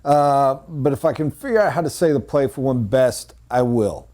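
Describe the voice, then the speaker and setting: Male sales trainer, mellow mid-pitched voice, storytelling delivery that sinks to hushed emphasis. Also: moderate pace.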